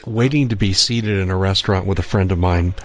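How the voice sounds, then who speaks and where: Man, radio host, relaxed chat, chuckles, somewhat low voice. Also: brisk. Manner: easygoing, chuckles while talking. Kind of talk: casual interview chat.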